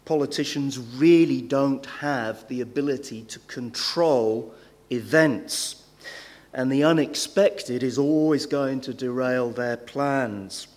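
A man's voice: medium pitch, takes it slowly, darkish tone. A man preaching a sermon in a church, conversational, with rhetorical questions and frequent hesitations. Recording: long hall reverb.

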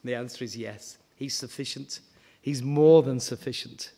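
Male preacher, conversational sermon, repeats words, climbs into animated questions; reverberant church hall. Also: medium pitch, moderate pace. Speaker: guest preacher. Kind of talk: informal sermon.

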